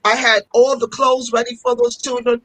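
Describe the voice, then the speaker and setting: A woman's voice: on the high side, little pitch movement, moderate pace, fairly bright tone, no echo, rough recording. Passionate woman telling stories, dry sound. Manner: passionate storytelling with repetitions. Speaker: fashion school owner and guest. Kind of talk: casual interview talk.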